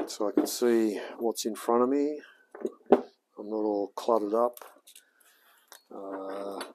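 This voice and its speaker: A man's voice: fairly low pitch, noisy background. An Australian man in his forties, a hobby mechanic chatting casually on a livestream as he works in his home workshop and talks to himself. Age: 40s. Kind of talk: casual livestream chat while working.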